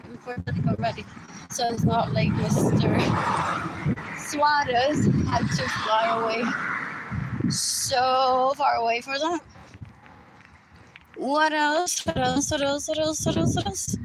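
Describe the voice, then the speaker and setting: A woman hosting a live stream, rambling on in a monologue, repeating herself, dropping in Spanish words and now and then breaking into shouts. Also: high voice. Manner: repetitive, keeps asking "what else?", bursts into shouts. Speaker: livestream host. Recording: loud background noise.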